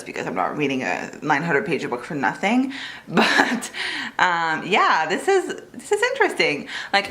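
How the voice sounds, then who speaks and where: A woman chatting casually in a reading vlog, excitable and gushing, filling her talk with "like" and the odd swear word. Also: lowish voice. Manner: excitable, gushing, heavy use of "like" fillers. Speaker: book vlogger.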